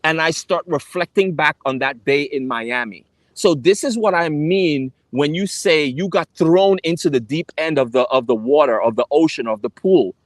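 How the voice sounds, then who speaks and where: Young male travel vlogger, earnest confessional storyteller, slightly high voice, dry close recording. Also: normal speed, hardly any pauses, dry recording. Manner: earnest, emphatic, repeats himself. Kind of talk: personal storytelling to camera.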